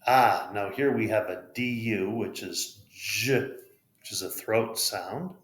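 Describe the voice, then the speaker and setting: There's a roomy echo as this man teaches English pronunciation, his lowish voice moving slowly. With an American accent, he spells out letters and patiently demonstrates each word.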